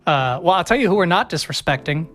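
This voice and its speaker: A man co-hosting a casual podcast, talking in loose, rambling stretches with plenty of restarts and self-mocking asides. His pitch swoops up and down as he tells a story, and faint music sits under the talk. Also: animated, fast talker, a bit bright. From Las Vegas, Nevada. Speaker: podcast co-host. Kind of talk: casual chat.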